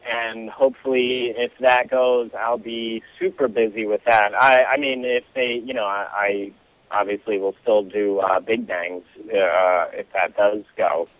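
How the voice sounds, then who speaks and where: A man being interviewed as an actor, talking casually and haltingly with many fillers and restarts. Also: on the low side, level tone, no echo. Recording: tinny phone line, dry.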